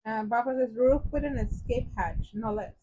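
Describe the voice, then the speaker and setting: A woman co-hosting a live stream, reading viewer comments aloud softly from a little way off the mic. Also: a little high, normal speed. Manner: soft-spoken, a bit off-mic. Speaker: co-host reading chat. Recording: dull lo-fi audio, off-mic.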